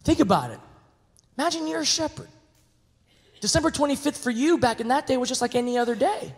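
A male pastor preaching in a large church sanctuary, his voice ringing with a long hall reverb. He is lively and animated, dropping to near whispers and then rising to shouts. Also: very high voice, fairly quick. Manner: animated, swinging from hushed to shouting. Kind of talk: sermon.

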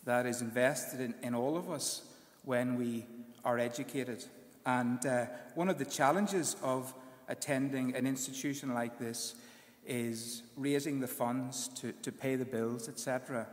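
A man with a British accent, a graduating student giving an earnest speech at his ceremony, often pausing on fillers. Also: mid-range voice, echoey room, big-room sound. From United Kingdom.

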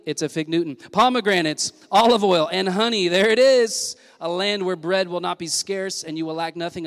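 A male senior pastor preaching a sermon with energy, punchy repetition and call-and-response with the congregation, recorded in a church sanctuary. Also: sits high. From Southern California. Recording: long church hall reverb.

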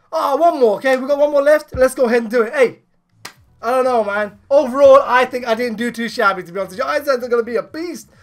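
A man co-hosting a gaming channel, giving excited commentary while summoning in a mobile game, hyped and shouting when thrilled. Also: extremely high pitch, fast, faint music behind.

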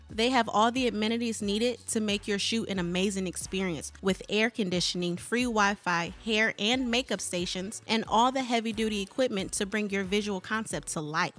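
A woman reading a short advertisement in a smooth, upbeat promotional delivery. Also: mid-range voice, a bit bright. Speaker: ad reader. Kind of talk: read advertisement.

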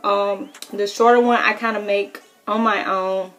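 A woman's voice: mid-range voice, steady tone, measured pace, fairly bright tone. A woman with a Southern US accent, a military service member giving an encouraging, casual how-to vlog chat, full of ums and repeated words.

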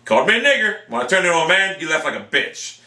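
A man commentating on his own game play, cursing and taunting, dropping to mutters, then shouting in bursts. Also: sing-song, fast talker. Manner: swings from low muttering to loud shouted outbursts; profane, taunting. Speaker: gameplay commentator. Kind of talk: angry live game commentary. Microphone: room mic with webcam on him. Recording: echoey room, mic far off.

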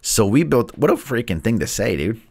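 A man's voice: on the low side, very animated, normal speed, a little mellow. A man hosting a live-streamed Bible study, reading aloud alone in a room into a microphone, laid-back and chatty, stumbling over hard names and laughing at his own jokes. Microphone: studio microphone.

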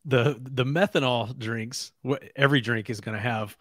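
A man's voice: medium pitch, moderate pace, fairly bright tone, no echo, clean studio sound. Laid-back joking man co-hosting. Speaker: co-host. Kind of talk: casual podcast chat.

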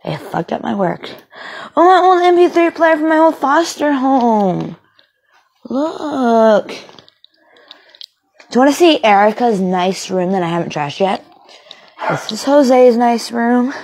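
Brief: woman acts an outcast young woman ranting at family; swears, sarcastic, slightly high-pitched, amateur film. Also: expressive, a little slow, a little mellow, slight background noise, rough recording. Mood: bitter. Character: bitter, volatile young woman kicked out by family.

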